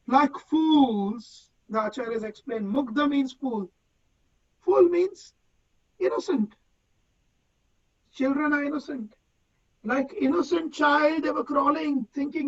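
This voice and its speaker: A man's voice: extremely high pitch, a little slow, muffled recording. A man leading a devotional scripture class, reciting Sanskrit verses and then explaining them word by word.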